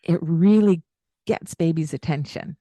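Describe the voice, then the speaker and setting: A woman co-hosting a parenting podcast, explaining things calmly in casual chat. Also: a little slow, no echo. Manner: explains calmly, demonstrates baby talk with high sing-song bits.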